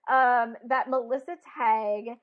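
A woman's voice: fairly high pitch, normal speed. A woman co-hosting a casual chat, talking in an enthusiastic, gushing way. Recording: dull lo-fi audio.

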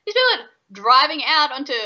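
Bright Australian woman on lo-fi audio. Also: high-pitched, quick pace. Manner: relaxed, laughs easily. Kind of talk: casual chat.

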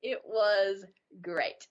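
A woman's voice: medium pitch, animated, extremely slow. Giggly woman telling a story, lo-fi sound. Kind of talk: casual chat. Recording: dull lo-fi audio.

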